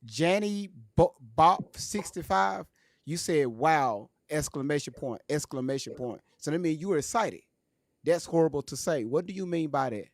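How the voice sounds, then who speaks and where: A man with hosts a livestream. He presses commenters with repeated questions, his voice sitting a bit high for a man, close and dry with no room sound. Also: expressive, moderate pace, gravelly, no echo. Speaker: livestream host. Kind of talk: livestream talk.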